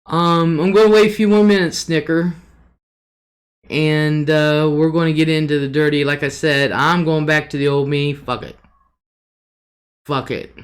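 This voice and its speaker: A woman's voice: low voice, level tone, normal speed. A woman hosting a casual live stream from her desk, greeting viewers by name, reading their comments aloud and swearing freely. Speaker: livestream host.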